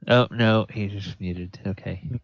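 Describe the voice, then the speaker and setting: A man's voice: on the low side, fairly even intonation, measured pace, creaky, no room sound. A man running a tabletop game as game master, easygoing and hesitant with fillers, over an online voice call. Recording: dull lo-fi voice-call audio.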